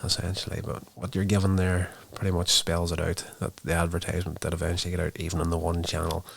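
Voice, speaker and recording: A man's voice: low voice, monotone, fast talker, gravelly, fairly bright tone, husky, no echo. A man hosting a podcast, casually recounting a movie's plot in a rambling way with many fillers. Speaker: podcast host reviewing a movie. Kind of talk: casual spoken movie review.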